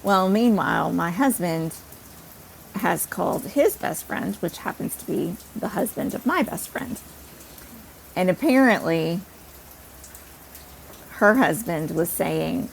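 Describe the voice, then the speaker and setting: A woman podcast host telling a personal story in an animated, self-deprecating way. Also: on the low side, slow pace, creaky, pauses often, slight background noise, low-quality recording.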